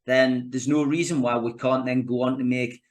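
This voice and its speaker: A podcast guest from North East England talks at a moderate pace in a steady, medium-pitched voice with a Geordie accent. The conversation is casual and chatty; he frequently starts over and keeps calling the host "mate," often with "you know, mate."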